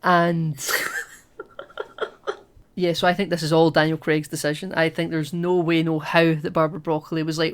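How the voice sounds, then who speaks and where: A man co-hosting a podcast, talking casually and with opinions about a film, retelling scenes in an animated way and swearing now and then. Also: a little high, normal speed, long pauses, clean tone. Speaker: podcast co-host.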